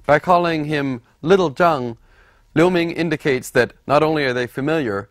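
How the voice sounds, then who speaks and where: A man narrating a scripted language lesson, explaining deliberately and repeating example words for the listener. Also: fairly high pitch, no echo, studio quality. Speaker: language teacher.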